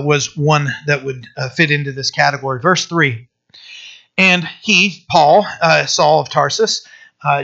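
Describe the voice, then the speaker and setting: A man's voice: on the high side, creaky, sharp tone, dull audio. A man preaching a sermon, reading scripture aloud and explaining it in a loose, conversational way that keeps asking the room "right?".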